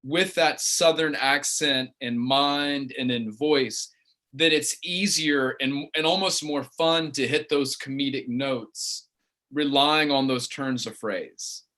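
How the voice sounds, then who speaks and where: A man hosting a book event interview, asking long, rambling questions with quick asides. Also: mid-range voice, pushed and bright.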